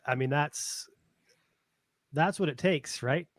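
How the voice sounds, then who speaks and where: A man's voice: fairly high pitch, takes it slowly, dry recording, studio quality. A male host chatting in a folksy, hesitant way with light jokes. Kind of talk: casual chat.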